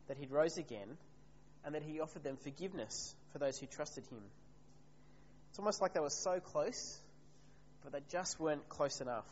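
A man preaches in a relaxed, conversational way, stopping to put questions to his listeners. His voice sits a little high. The recording has long hall reverb, a slightly muffled tone and a faint hum underneath. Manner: conversational, asks the congregation questions. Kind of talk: sermon.

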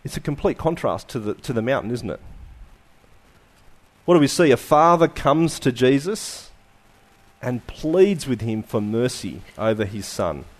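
A male preacher gives a sermon with a very lively, swinging pitch at a measured pace. He keeps putting rhetorical questions to his listeners, and many of his phrases fade to soft, quiet endings.

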